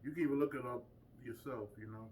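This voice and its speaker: A man's voice: mid-range voice, steady tone, fast talker, darkish tone, far from the mic, slight background noise, poor audio. A man giving an informal lecture to a small group, emphatic and full of rhetorical questions. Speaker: community speaker teaching a group.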